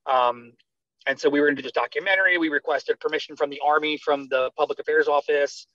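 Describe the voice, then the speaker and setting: An American man, a retired army medic, talks fast in a slightly high voice with no echo. In a conversational interview he tells his story animatedly, acting out the dialogue he remembers. The sound is slightly dull and dry.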